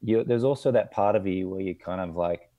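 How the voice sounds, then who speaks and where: A man hosting a podcast interview, speaking in a measured, hesitant way with many restarts. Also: low-pitched, lo-fi sound. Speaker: podcast host. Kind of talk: casual interview.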